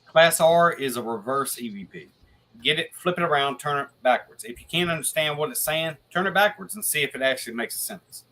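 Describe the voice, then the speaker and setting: Bright-voiced man rambling on a call. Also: on the high side, lively intonation, brisk. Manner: rambling, restarts a lot, swears casually. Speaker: guest paranormal investigator. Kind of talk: casual video podcast chat.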